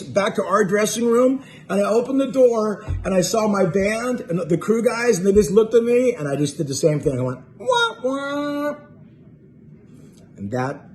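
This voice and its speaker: A man with a notably high voice spins a casual anecdote about himself. He rambles and restarts, laughing at his own expense, in a loose monologue. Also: a little mellow, a little hiss or hum. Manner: rambling, self-mocking, full of fillers. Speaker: musician telling a tour story.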